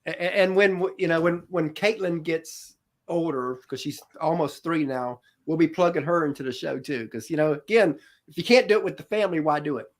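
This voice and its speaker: A man's voice: a little high, fairly quick. A man co-hosting a family talk show, chatting casually and reacting eagerly. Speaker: show co-host. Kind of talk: casual interview chat.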